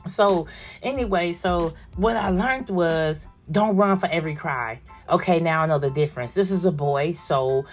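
An older woman talks in a loose, rambling way, often slipping into little acted-out voices. Her voice sits on the low side, and faint music plays behind her. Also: normal speed. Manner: chatty, rambling, acts out voices of family. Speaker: vlogger. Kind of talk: casual chat.

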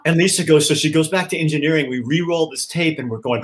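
A man's voice: fairly high pitch, brisk, hardly any pauses, a little hiss or hum. A man who once anchored TV news, telling anecdotes in a casual chat. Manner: lively, laughing anecdote teller.

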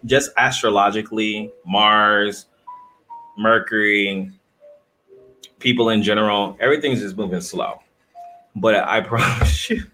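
A man who makes videos, talking casually and softly to his viewers in a rambling way, with lots of fillers and restarts. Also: fairly low pitch. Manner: rambling, soft-spoken, frequent fillers and restarts. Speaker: video creator. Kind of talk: casual livestream chat.

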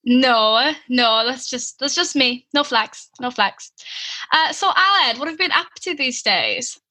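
A woman's voice: sits high, lively intonation, measured pace, sharp tone. A woman interviewing a podcast host, chirpy and teasing in casual chat. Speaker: guest interviewer.

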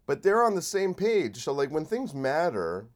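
A man's voice: fairly high pitch, very animated, normal speed. A man hosting a solo comedy podcast while sick, rambling and swearing in a sardonic rant. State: sick with a cold. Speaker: podcast host.

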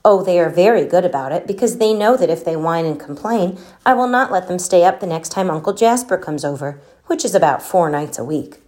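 A prim, self-satisfied neighbor woman explaining her household rules, as a woman storyteller puts her on, low-key and matter-of-fact. A storybook figure. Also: lively intonation, a little fast, hardly any pauses, mellow, close to an everyday voice. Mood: smug.

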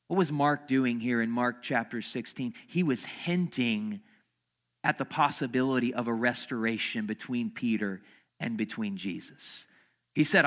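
A male pastor preaching a dramatic sermon at a church service, swinging from loud emphasis to soft, near-whispered lines. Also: mid-range voice.

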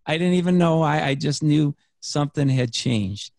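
A man's voice: on the high side, moderate pace, gravelly, darkish tone, no room sound, clean studio sound. A man, a podcast guest, telling a personal story in a rambling, earnest way, full of fillers and restarts. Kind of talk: casual storytelling conversation.

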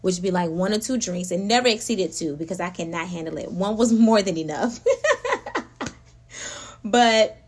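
A woman hosting a casual spiritual talk, animated and laughing often as she speaks straight to her listeners. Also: fairly low pitch, normal speed, pauses often. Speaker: podcast host.

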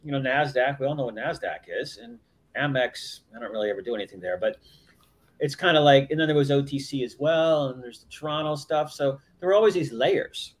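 A man's voice: mid-range voice, a little fast. A man co-hosting a casual chat podcast, rambling and thinking aloud with many fillers. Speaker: podcast co-host.

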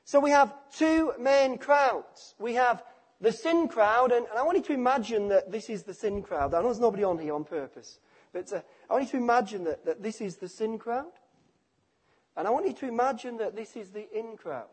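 A man preaching a sermon, emphatic and repetitive, letting his phrases fall quiet at the ends. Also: high-pitched, expressive, fast talker, slightly rough. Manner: emphatic, repeats phrases, drops to quiet endings.

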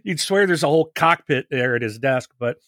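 A man co-hosting a podcast, talking casually and rambling with halting restarts. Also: medium pitch, expressive, fairly bright tone, dry recording, studio quality. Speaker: podcast co-host.

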